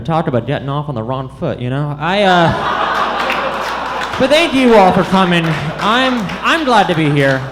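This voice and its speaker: A man doing a stand-up set on a comedy club stage, awkward and self-deprecating, stumbling over his lines on purpose. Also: on the high side. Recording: live club with loud audience noise.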